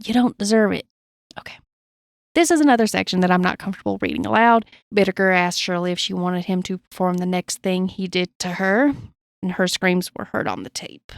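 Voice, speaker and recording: A woman's voice: lowish voice, brisk, creaky, no echo. A woman hosting a true crime podcast, reading a transcript aloud with blunt personal asides, in a dry recording. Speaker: podcast host.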